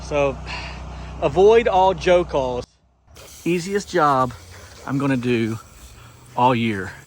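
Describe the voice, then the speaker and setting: Washing a house outdoors at a job site, this pressure washing business owner from the United States mutters sarcastic gripes for his casual work vlog. He has a mid-range voice with lively intonation and speaks slowly, over noisy outdoor sound.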